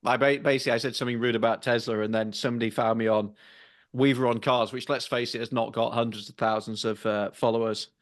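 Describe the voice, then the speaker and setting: A man's voice: medium pitch, fairly even intonation, fast talker, no room sound, clean studio sound. A man co-hosting a car podcast, chatting casually in a wry, self-mocking way with frequent restarts.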